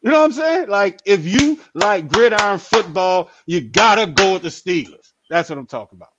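Lively high-voiced man, playful chat. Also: normal speed, noisy background. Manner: animated, playful, jumps to high excited outbursts. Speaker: sports talk show co-host. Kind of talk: casual sports chat.

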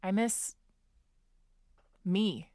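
An actress playing a resolute woman in an audio drama, speaking in a measured, steady way. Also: medium pitch, no room sound, clean studio sound. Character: resolute woman quitting a show, content.

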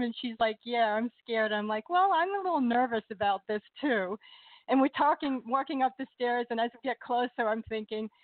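A woman phoning in to a radio show, telling a story in a bubbly, animated way and laughing often. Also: a little high, brisk, dry recording. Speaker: caller. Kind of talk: excited phone-in storytelling. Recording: tinny phone line.

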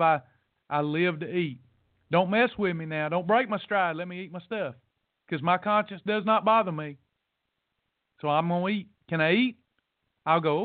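A man's voice: high-pitched, moderate pace, pauses often, no room sound. A man hosting a podcast in a casual, playful motivational monologue, folksy and teasing. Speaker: podcast host. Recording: dry, tinny phone-like sound.

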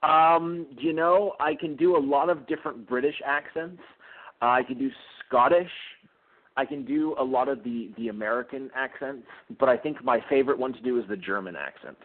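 A man guesting on an interview show, talking with eager energy and stumbling through fillers and restarts. His voice sits at an ordinary middle pitch. It comes through a narrow, phone-like line. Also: fairly quick, few pauses. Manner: enthusiastic, with frequent fillers and restarts. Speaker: guest author. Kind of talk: casual interview chat. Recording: tinny phone-line sound.

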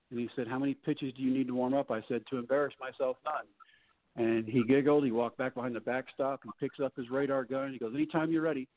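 Folksy storytelling man on a tinny line. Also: medium pitch. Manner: folksy, acts out quoted voices. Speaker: guest. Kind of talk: storytelling in a podcast interview.

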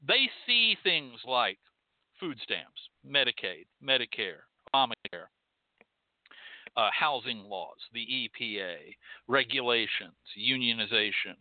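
A man's voice: medium pitch, sing-song, unhurried, dry recording. Fiery Southern-accented man on a tinny line. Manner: fiery, profane, rhetorical, repeats phrases for emphasis. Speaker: host of a call-in show. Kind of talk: impassioned call-in monologue. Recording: tinny phone-like dry sound.

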